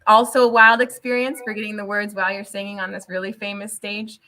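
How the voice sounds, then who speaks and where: A young adult woman with a bright, crisp tone speaks as a guest in a casual interview. She tells her stories in an animated way, laughing often and switching into Spanish at times. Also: mid-range voice, quick pace. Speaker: teacher guest.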